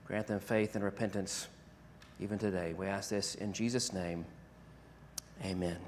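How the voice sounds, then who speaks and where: A pastor delivering a sermon and closing prayer, rising to loud emphatic declarations and dropping to hushed, slow prayer. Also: male voice, deep voice, fairly even intonation, a little hiss or hum. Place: church sanctuary. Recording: long reverb of a large hall.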